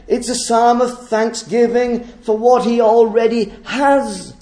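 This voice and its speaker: A man's voice: high voice, warm tone, reverberant. A man preaching a sermon, emphatic and full of rhetorical questions.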